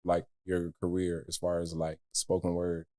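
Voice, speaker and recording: A man's voice: low-pitched, monotone, normal speed, warm tone. A man hosting a podcast interview, talking in a laid-back, encouraging way with his guest. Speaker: podcast host. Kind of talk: casual interview chat.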